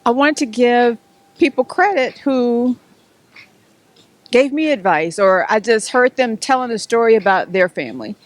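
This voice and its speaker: A woman's voice: a little high, lively intonation, a little slow, no room sound. A middle-aged woman, answering interview questions as an author in a storytelling way. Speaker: author and guest.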